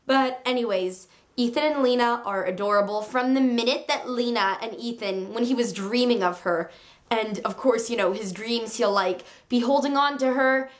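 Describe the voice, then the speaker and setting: A woman reviewing a book on her video channel, chatting in a gushing, excitable way with sarcastic asides. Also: on the high side. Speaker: book vlogger.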